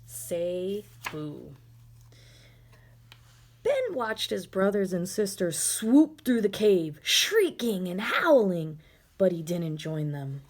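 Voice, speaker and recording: A woman reading a children's storybook aloud in a gentle, expressive way. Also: fairly low pitch, slow, slight background noise.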